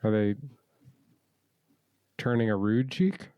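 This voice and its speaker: A man's voice: lowish voice, takes it slowly, warm tone, clean tone, no room sound. A man co-hosting a podcast, chatting casually with playful, goofy, teasing humor. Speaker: podcast co-host. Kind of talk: casual chat.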